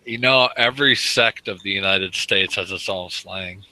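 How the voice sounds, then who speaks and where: A man's voice: low voice, moderate pace, sharp tone, rough recording. A man in casual online voice chat, talking in a blunt, profane way. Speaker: voice chat regular. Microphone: online voice chat mic.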